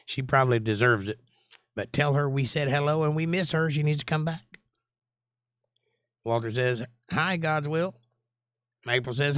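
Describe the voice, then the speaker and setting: A man's voice: a little high, normal speed, long pauses, fairly bright tone, no echo, clean studio sound. Friendly man hosting a livestream. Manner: friendly, greets viewers by name and answers them. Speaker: Bible study teacher and livestream host. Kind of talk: casual livestream chat, reading viewer comments aloud.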